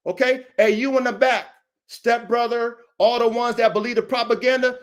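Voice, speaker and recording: Male podcast host, AAVE speech, very high voice, combative and repetitive, addressing a rival directly. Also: fairly even intonation, moderate pace. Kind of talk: confrontational livestream call-out.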